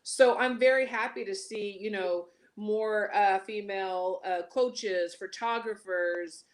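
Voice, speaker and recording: A woman hosting a casual talk show, speaking in an animated way with lots of fillers. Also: mid-range voice, slow. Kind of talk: casual chat.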